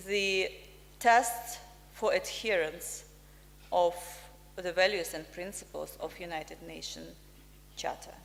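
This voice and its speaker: A woman delivers a formal address as an ambassador, placing each phrase slowly and with weight. Her mid-range voice carries a long reverb, as if it rings through a large hall. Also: mid-range voice. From Ukraine. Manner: slow, deliberate, emphatic phrasing. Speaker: ambassador, guest speaker. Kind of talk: formal prepared speech. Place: press club function room.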